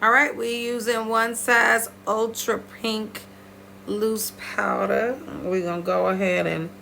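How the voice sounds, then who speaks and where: A woman walks her viewers through a makeup routine in a playful, chatty way, with a bright, forceful tone. She breaks into high squeals now and then. A faint hum sits under her voice. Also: slow, gravelly. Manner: lively, playful, talks straight to viewers. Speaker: beauty vlogger.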